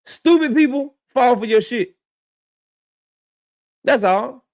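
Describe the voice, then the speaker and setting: A man with a high-pitched voice rants as a boxing channel host, speaking straight to the person he is calling out. He is confrontational and swears freely. He hammers each point by saying it more than once. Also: expressive, normal speed, pauses often, no echo, clean studio sound. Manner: confrontational, profane, repeats his points; addresses his target directly. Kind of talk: heated commentary rant.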